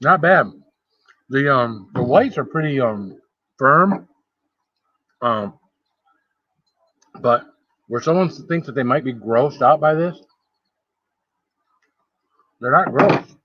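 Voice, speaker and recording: A man's voice: medium pitch, lively intonation, slow, pauses often, slightly rough, no echo, muffled recording. Chatty man rambling through a live stream. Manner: rambling and chatty, greets viewers by name. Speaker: food challenge livestreamer. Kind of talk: casual live-stream chat while eating.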